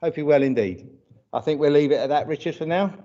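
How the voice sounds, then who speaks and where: A man with a British accent talks fast in a dark-toned voice on the high side while leading a church livestream. He's chatty and greets viewers by name, though hay fever has given him a runny nose. The sound is dull lo-fi livestream audio.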